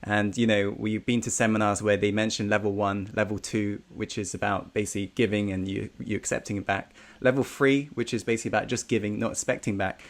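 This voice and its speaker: A man's voice: lowish voice, flat delivery, fast, few pauses. A man hosting an interview channel, talking casually and hesitantly with many fillers.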